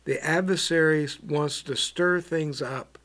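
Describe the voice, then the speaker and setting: Guy preaching slow, kinda high voice, lots of ums and restarts. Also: fairly even intonation, a bit bright. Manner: slow, halting, with many ums and repeated words. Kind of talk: bible teaching.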